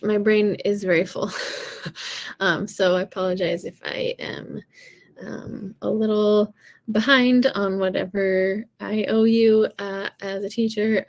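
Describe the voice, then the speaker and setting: A young woman teaching singing in a casual live stream, talking in a chatty, rambling way with many pauses and small laughs at herself. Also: medium pitch, creaky.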